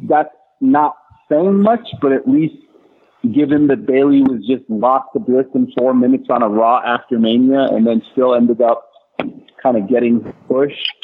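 A man's voice: mid-range voice, fairly even intonation, unhurried, husky. A man hosting a casual wrestling podcast chat, giving emphatic, opinionated takes. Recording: tinny phone-like line with faint hiss.

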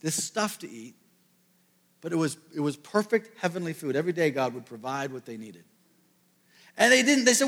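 A man preaching a sermon to a congregation, telling a Bible story with lively asides and jokes. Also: a little high, moderate pace, long reverb tail. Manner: animated storytelling, jokey asides. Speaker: pastor.

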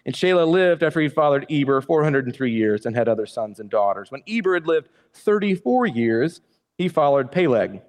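A man's voice: mid-range voice, a little mellow, in a large hall. A male pastor preaching a sermon in a church, casual and conversational, with joking asides to the congregation.

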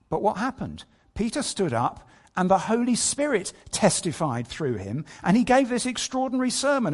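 A man preaching a sermon, telling a scripture story, reading verses aloud and asking his listeners rhetorical questions. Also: on the high side. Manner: asks many rhetorical questions.

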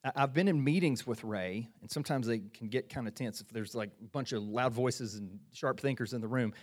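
A middle-aged man preaching a sermon in a conversational, animated way, often repeating phrases and restarting sentences. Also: medium pitch, a little fast. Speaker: pastor.

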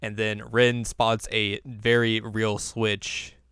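A man's voice: on the low side, little pitch movement, takes it slowly, fairly bright tone, smooth, dry recording, clean studio sound. A young man hosting a podcast, casually recapping an episode and acting out lines in silly voices. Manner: chatty, acts out quotes in silly voices. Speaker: podcast host.

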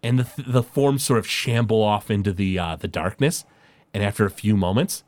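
A man narrating a tabletop role-playing game as game master, descriptive and halting with fillers. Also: fairly low pitch, a little mellow, dry recording.

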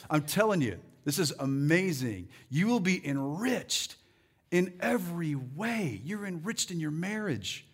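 High-voiced preaching man, rousing. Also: big pitch swings, unhurried, husky. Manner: rousing preaching, swelling louder on calls to the congregation. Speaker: pastor. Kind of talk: sermon.

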